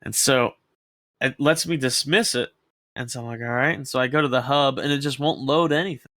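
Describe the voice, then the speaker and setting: A man's voice: medium pitch, a little fast, sharp tone, no echo, studio quality. A man co-hosting a podcast, casually rambling through a story with lots of swearing and acted-out quotes. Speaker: podcast co-host. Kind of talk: casual chat.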